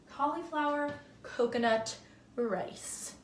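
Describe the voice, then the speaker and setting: A woman's voice: a little high, lively intonation, measured pace, distant mic, slight background noise. Chatty young woman cooking, roomy sound. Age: young adult. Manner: chatty and upbeat, thinks aloud and corrects herself. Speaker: home cook hosting a cooking video. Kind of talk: casual cooking demonstration. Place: home kitchen. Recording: roomy kitchen sound from off-mic.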